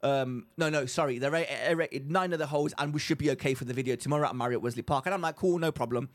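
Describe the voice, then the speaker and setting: Animated man telling a story. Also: fairly high pitch, fast. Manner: animated storyteller who acts out quotes. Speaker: podcast co-host. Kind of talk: casual chat, storytelling.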